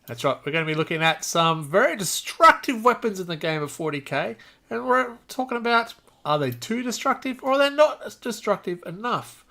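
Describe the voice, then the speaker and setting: A jokey Australian man hosts a casual podcast with a high voice that swings widely in pitch. His tone is bright and ringing, and he laughs easily between his remarks. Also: big pitch swings, fairly quick, creaky. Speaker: podcast host.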